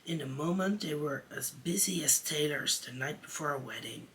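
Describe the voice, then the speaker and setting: A man's voice: fairly high pitch, pushed and bright, far from the mic, slight background noise, poor audio. A man who performs in drag, reading a children's classic aloud chapter by chapter as a storyteller. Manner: slow, deliberate reading.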